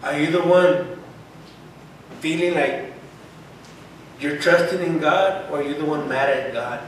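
A man preaching a sermon with fervor, at times breaking into shouts and dropping in Spanish words. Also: fairly high pitch, measured pace, a little hiss or hum. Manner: fervent, rising to shouts, mixes in Spanish words. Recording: echoey room, voice far from the mic.

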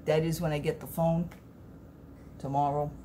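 A woman's voice: low-pitched, little pitch movement, normal speed, mellow, slight background noise. A middle-aged woman, chatting to camera in a rambling, earnest way as a vlogger. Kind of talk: casual chat to camera.

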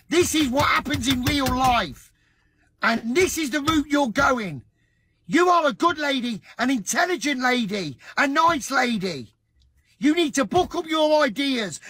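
A man's voice: very high-pitched, bright, forceful tone, no echo. A man on a livestream, earnestly lecturing and pleading with someone in a repetitive, emphatic way.

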